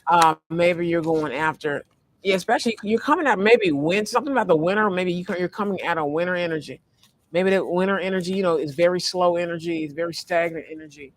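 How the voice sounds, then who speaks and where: A man giving a casual, rambling tarot reading from a fast-food restaurant, full of fillers and restarts. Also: high voice. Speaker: tarot reader. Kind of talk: casual spiritual card reading vlog.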